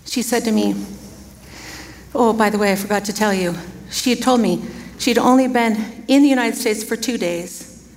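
A woman's voice: a little high, moderate pace, long pauses, a little mellow. Woman preaching in a reverberant hall. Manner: chatty and laughing, storytelling with quoted dialogue. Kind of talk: sermon.

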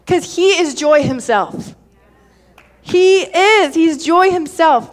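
Young female preacher, high voice, energetic, repeats lines for emphasis, urges the crowd to answer back. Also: slow pace. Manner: energetic, calls for audience response. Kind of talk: sermon.

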